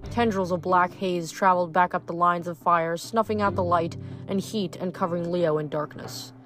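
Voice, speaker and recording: Woman reader, lowish voice, reads chapters aloud with slips and casual commentary. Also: fairly even intonation, normal speed, a bit bright, faint music behind. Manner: stumbles and self-corrects, chatty asides. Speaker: audiobook reader.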